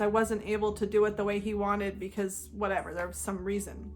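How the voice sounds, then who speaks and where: A woman hosting a talk on psychology, explaining earnestly and slowing down for emphasis. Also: a little high, fairly bright tone. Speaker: host. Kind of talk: personal talk about psychology.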